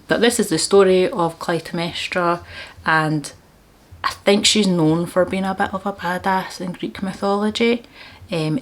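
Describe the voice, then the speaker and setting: A woman vlogging about books, chatty and enthusiastic, with frequent laughs. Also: low-pitched. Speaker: book vlogger. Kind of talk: casual book chat.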